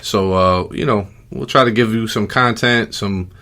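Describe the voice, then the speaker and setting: A middle-aged man hosting a podcast in casual chat, relaxed and rambling with lots of fillers. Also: on the low side, normal speed. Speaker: podcast host.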